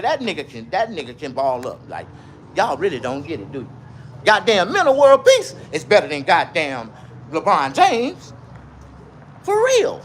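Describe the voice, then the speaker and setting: Man, AAVE, livestream rant, lively swooping pitch, noise behind. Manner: loud animated ranting with profanity, then calmer asides. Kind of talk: ranting live commentary.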